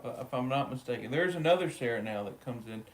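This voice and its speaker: A man co-hosts a relaxed live stream, talking straight to his viewers by name. His chat is easygoing and full of jokes, at a middle pitch. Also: fast talker. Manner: chatty, joking, talks to viewers by name.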